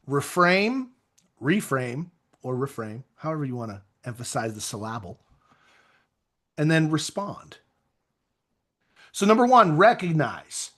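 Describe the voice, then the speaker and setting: A man coaching real estate agents in an energetic, conversational motivational talk with self-deprecating asides. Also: a little high.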